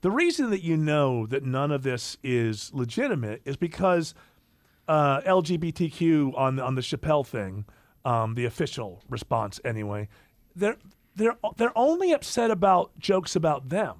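A man's voice: fairly high pitch, big pitch swings, moderate pace, dry recording. A man hosting a casual podcast chat, talking in a rambling way with many restarts. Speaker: podcast host.

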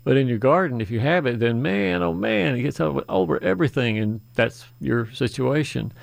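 A man's voice: medium pitch, animated, brisk, gravelly, dry recording. A man hosting a call-in garden radio show, chatting in a folksy, rambling way with asides.

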